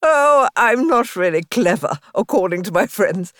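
A woman voicing a boastful, excitable female toad in a storybook reading, bragging and gushing in a raised voice. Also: medium pitch, unhurried, no echo, studio quality, voice pushed up.

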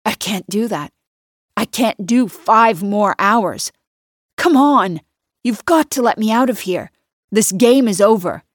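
A woman's voice: lowish voice, measured pace, dry recording, clean studio sound. Audiobook: woman voicing a captive man, growling threats that crack into pleading; strained altered timbre. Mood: desperate pleading. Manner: hissing, growling, then pleading desperately. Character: angry trapped man, threatening then begging.

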